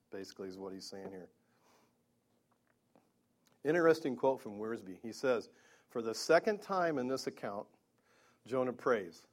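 A man's voice: mid-range voice, expressive, a little slow, pauses often. A man preaching a Bible-teaching sermon, earnest, with stammering restarts and emphatic peaks.

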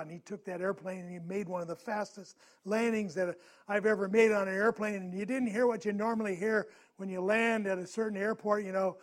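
A man's voice: sits high, fairly even intonation, normal speed. A male preacher giving a sermon through a personal story, talking conversationally and asking his listeners questions, growing more urgent at tense moments.

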